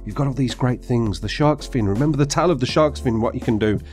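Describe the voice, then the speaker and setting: A man's voice: medium pitch, fast talker, soft background music. A man ranting sarcastically and swearing through his commentary over gameplay. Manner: animated, sarcastic, sweary rant. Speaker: gaming commentator.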